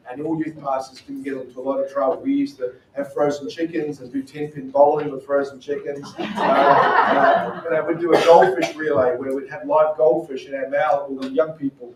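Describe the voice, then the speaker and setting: A man's voice: medium pitch, slight background noise. A man with an Australian accent, a missionary speaking to a church group in a chatty, storytelling way full of fillers. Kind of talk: casual talk to a church group. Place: church hall. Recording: roomy echo from a distant mic.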